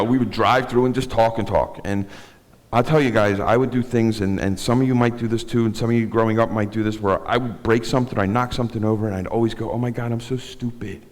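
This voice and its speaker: Deep-voiced middle-aged man telling his story from the bimah, candid and self-mocking, with a long sanctuary echo. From South Philadelphia. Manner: candid, rambling storyteller with self-deprecating humor. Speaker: guest speaker. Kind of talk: personal testimony talk. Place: synagogue sanctuary.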